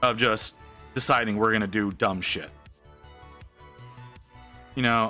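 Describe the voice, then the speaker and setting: A man casually telling an animated, wry story while painting on a stream, with lots of restarts. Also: on the low side, slow pace, long pauses, faint music behind.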